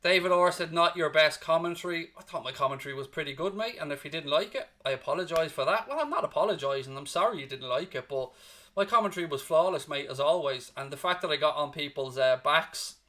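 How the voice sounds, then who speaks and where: Tired guy hosting a fan stream after the match, reading chat, blunt and emotional, kinda high bright voice. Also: lively intonation, quick pace. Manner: emotional, blunt, rambles on tangents. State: exhausted. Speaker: fan channel host.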